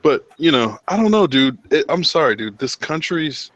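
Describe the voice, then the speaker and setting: A man talking casually in a group chat, animated and full of swearing, calling everyone dude. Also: fairly high pitch, normal speed, highs cut off. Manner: animated, heavy swearing, says dude a lot. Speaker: podcast host.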